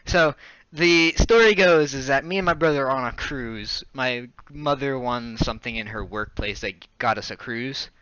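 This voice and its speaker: A young man hosting a podcast, telling a story in casual chat, animated and laughing often. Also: medium pitch, moderate pace, few pauses, smooth, no echo, dull audio. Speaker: podcast host.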